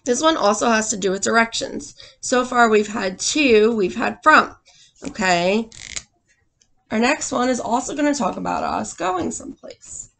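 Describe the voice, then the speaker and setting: Slow, gravelly-voiced woman teacher. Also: a little high. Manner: expressive read-aloud with sound effects and questions to the children. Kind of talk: reading aloud and teaching young children.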